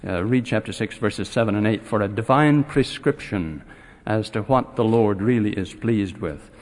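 A man teaching a scripture class. He speaks haltingly with many filler pauses and grows animated when he retells a story. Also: fairly low pitch, long reverb tail.

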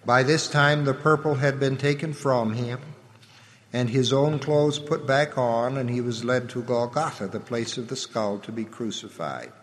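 A man's voice: medium pitch, slight background noise. Solemn man reading scripture in a reverberant hall. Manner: measured, reverent delivery with the voice dropping at phrase ends. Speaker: scripture reader.

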